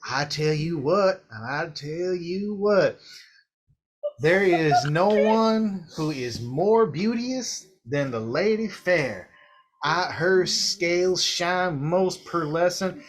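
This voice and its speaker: A man's voice: on the high side, expressive, very slow, pauses often, a bit bright, full character voice. A man voicing a plain, boastful male dragonborn commoner who rambles and cusses in a rural redneck drawl. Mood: folksy ranting.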